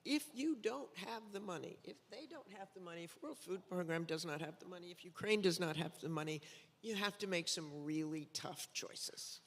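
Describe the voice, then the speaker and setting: A man moderating a panel, prompting the speakers with lively questions. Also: sits high, normal speed, in a large hall.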